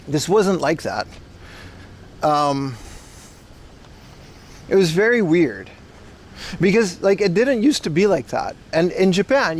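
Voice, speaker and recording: A Dutch man hosting a casual livestream while walking outside, rambling loosely, laughing often and talking to his chat. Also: on the high side. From Netherlands. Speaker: livestream host.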